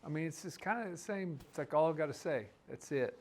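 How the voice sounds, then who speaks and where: A man teaching a live language class, explaining words in a relaxed, rambling way with many restarts. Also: on the high side, a little fast, slight background noise.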